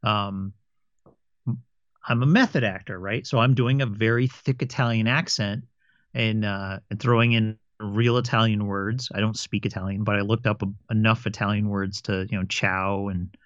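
A game master and podcast co-host chats casually and tells stories in an animated way, often stammering and restarting. His voice is fairly low with a moderate pace and no room sound. The recording is dry and slightly dull, with a lo-fi quality.

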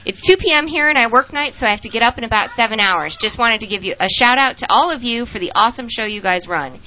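Woman cohost reading fan emails, bright voice, kinda dull lo-fi audio. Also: a little high, animated, quick pace, slight background noise. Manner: laughing, self-interrupting while tending a child. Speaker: podcast co-host. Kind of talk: casual chat, reading listener emails.

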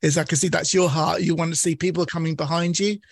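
A man hosting a faith radio interview, asking measured questions and affirming his guest. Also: fairly high pitch, fairly even intonation, gravelly, slightly rough, no echo. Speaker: radio host.

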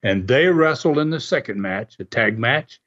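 A guest recounting wrestling TV history tells stories casually and with animation, in a mid-range voice at a moderate pace. He laughs often and acts out the voices of others. The audio is muffled and lo-fi.

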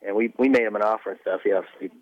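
A man's voice: on the low side, fairly even intonation, rapid-fire, no room sound, muffled recording. A man co-hosting a casual podcast chat, talking in a wry, joking, loosely rambling way. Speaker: podcast co-host.

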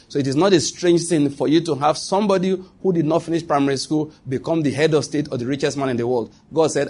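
A man preaching a sermon, reading scripture slowly and earnestly, with some restarts. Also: a little high, a little mellow, breathy edge.

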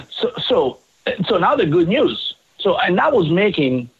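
A man, a guest telling a story in an interview. He talks in an animated way, swears and often restarts his sentences. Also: high voice, unhurried, husky, highs cut off. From Italy.

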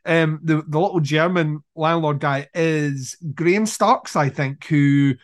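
A man talks through a film with a casual co-host's energy, his voice sitting a little high. He jumps into quick impressions of the characters, swears for emphasis and laughs as he goes. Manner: animated storyteller, acts out scenes, swears, laughs often. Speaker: podcast co-host.

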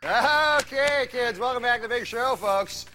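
Man telling a halting comedy bit. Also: very high-pitched. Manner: halting, storytelling, laughs at own bit. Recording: noisy live crowd recording, far from mic. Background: loud crowd and noise.

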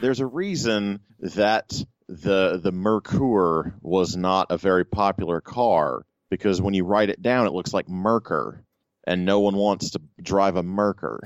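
A man's voice: deep voice, a little slow, dry recording, muffled recording. A man co-hosting a podcast, giving blunt, stubborn, contrarian opinions on comics in casual chat. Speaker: podcast co-host.

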